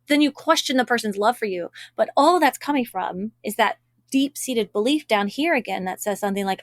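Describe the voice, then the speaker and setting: A woman's voice: fairly high pitch, animated, brisk, few pauses, no echo, clean studio sound. A woman relationship coach hosting a coaching call, affirming and encouraging. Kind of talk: coaching conversation.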